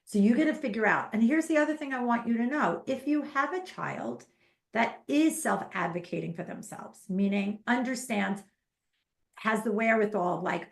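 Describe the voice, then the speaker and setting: A woman in her fifties chatting as a parenting coach, with a gravelly edge in her voice. She talks animatedly and leans hard on her points. The sound is roomy and echoey. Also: on the high side, moderate pace. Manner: animated, emphatic, acts out parents and kids in quotes. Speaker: ADHD parenting coach, podcast guest. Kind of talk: casual interview chat. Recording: echoey room.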